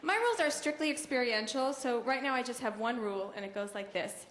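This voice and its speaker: A young woman doing a stand-up comedy set with a deadpan, conversational delivery and quick asides to the audience. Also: fairly high pitch. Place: comedy club stage. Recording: roomy club recording with noise. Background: audience laughter.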